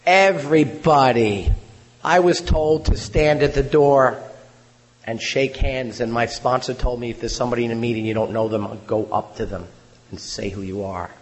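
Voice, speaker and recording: A hoarse man, his voice worn out, giving an earnest recovery testimony at a convention, often trailing off quietly. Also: medium pitch, normal speed. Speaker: convention speaker. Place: large convention hall. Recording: reverberant hall, faint hum.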